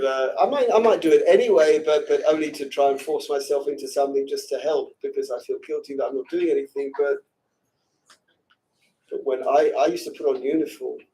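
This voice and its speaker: A man giving an emotional Torah lecture to a women's seminary class, swinging from hushed and choked to shouting. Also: a little high. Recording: distant from the mic.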